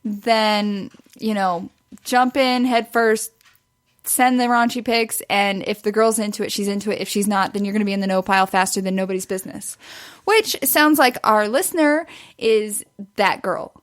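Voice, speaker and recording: A woman's voice: mid-range voice, moderate pace. A woman co-hosting a casual podcast chat, giving advice in a chatty, giggly way. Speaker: podcast co-host. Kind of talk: casual chat over wine.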